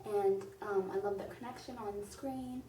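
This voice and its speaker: A woman's voice: medium pitch, fairly even intonation, moderate pace, dark tone, recorded from a distance. A woman reviewing a movie in a casual vlog, gushing and rambling with lots of "like". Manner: gushing, rambling, heavy use of "like". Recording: roomy echo, off-mic, faint noise.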